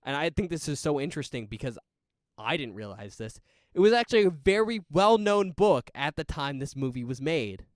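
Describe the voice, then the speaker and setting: A man co-hosting a casual podcast about a horror film, talking in a chatty, animated way and laughing often. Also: a little high, normal speed, no room sound, studio quality. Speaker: podcast co-host. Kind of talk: casual movie chat.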